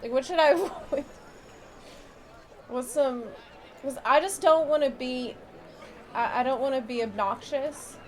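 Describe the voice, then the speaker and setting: A woman's voice: high-pitched, measured pace, pauses often, a faint crowd. A woman streamer chatting casually with her viewers, rambling and often cutting herself off mid-sentence. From United States. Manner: chatty, rambling, self-interrupting.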